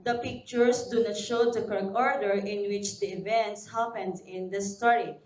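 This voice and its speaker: A woman's voice: medium pitch, steady tone, a little mellow. A woman from the Philippines with a Filipino accent, teaching a recorded lesson to young pupils and spelling words out letter by letter. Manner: slow, deliberate classroom delivery, spelling words letter by letter. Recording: dull, roomy sound, voice a bit far from the mic.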